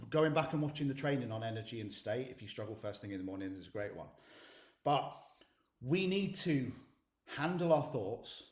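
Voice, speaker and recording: A man's voice: mid-range voice, animated, normal speed. Blunt man coaching, roomy sound. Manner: blunt, swears freely, emphatic. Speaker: mindset coach. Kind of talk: motivational coaching session. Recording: roomy echo.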